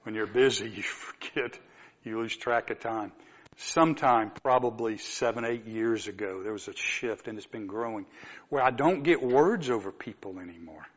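A man preaching a sermon, telling a story and moving from soft asides to emphatic exclamations. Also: on the low side, normal speed, dull audio.

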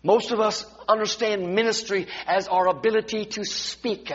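Male preacher, husky high voice, dramatic sermon delivery, recorded dull in a reverberant church. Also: fairly even intonation, moderate pace, few pauses. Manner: dramatic, swings from hushed whispers to loud exclamations. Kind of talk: sermon with storytelling. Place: church sanctuary.

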